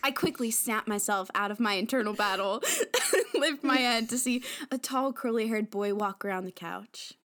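Woman reading fanfic narration out loud, kinda high voice, giggly. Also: moderate pace, few pauses. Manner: giggly, comments on the text. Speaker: narrator reading fan fiction. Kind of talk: reading fan fiction aloud.

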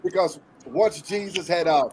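A man's voice: on the high side, measured pace, darkish tone, slight background noise. A man, a guest pastor, preaching on a podcast in a storytelling style, building up and then dropping back down. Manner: storytelling preacher, swelling and falling intensity.

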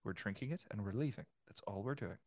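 Brief: man playing a blunt older Irish aunt, low, hushed and clipped, in a dry close recording. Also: quick pace, no room sound. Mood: hushed urgent.

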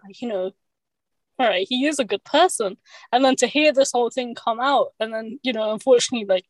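A woman's voice: fairly high pitch, creaky, no echo, rough recording. A woman chatting casually on a podcast, rambling with lots of fillers and restarts. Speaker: podcast co-host. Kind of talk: casual chat.

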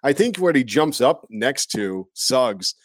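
A man from Iowa in casual sports chat, rambling with lots of fillers and breaking into goofy high voices when quoting people. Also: very animated, slow pace, no echo.

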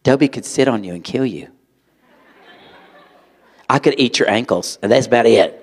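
A man preaching to a live audience, telling a personal story in an animated way and acting out voices. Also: mid-range voice, normal speed, slightly rough, a faint crowd. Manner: animated, acts out voices, sudden loud outbursts. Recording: long hall reverb.

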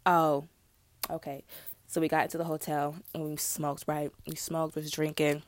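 A woman's voice: low voice, moderate pace, no echo. Profane rambling young woman vlogger, dry sound. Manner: profane, rambling, animated storytelling. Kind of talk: casual chat.

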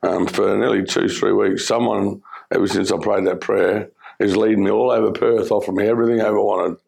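A middle-aged Australian man giving his personal testimony, telling his story in an earnest, halting way with many fillers. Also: lowish voice, steady tone, creaky, a little mellow. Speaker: former criminal telling his life story.

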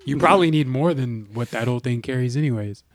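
A man's voice: medium pitch, a little fast. A man co-hosting a podcast, teasing the others in playful, casual banter. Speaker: podcast co-host.

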